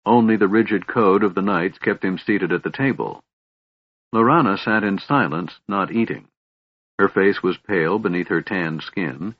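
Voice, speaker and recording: Male audiobook narrator, deep husky voice, dry dull lo-fi sound. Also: no room sound. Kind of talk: scripted fantasy narration.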